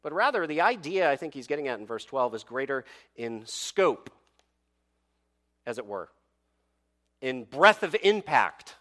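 Bright-voiced man preaching a sermon. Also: medium pitch. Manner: expressive preaching with dramatic pauses and rhetorical questions. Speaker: pastor.

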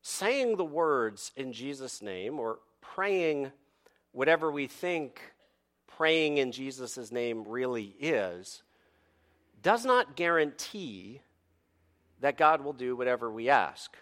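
A man preaching a sermon with dramatic pauses and rhetorical questions, reading scripture and telling a story to his congregation. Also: mid-range voice, sing-song, fairly bright tone. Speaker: pastor.

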